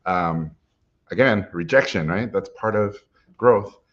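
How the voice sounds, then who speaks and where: Low-voiced man telling his story. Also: slow, highs cut off. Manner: lively anecdotal, acts out quotes, frequent "uh". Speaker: animation guest speaker. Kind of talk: personal storytelling.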